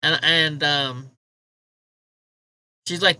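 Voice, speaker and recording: A man's voice: a little high, expressive, normal speed, pauses often, pushed and bright, poor audio. A man hosting a casual livestream, ranting with profanity and mocking remarks while he talks to his chat. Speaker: livestream host.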